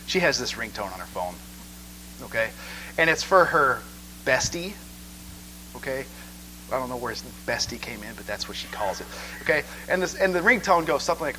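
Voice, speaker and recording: A man preaching a sermon in church, conversational and animated, asking "okay?" again and again. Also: medium pitch, fairly quick, pauses often, a little hiss or hum, rough recording.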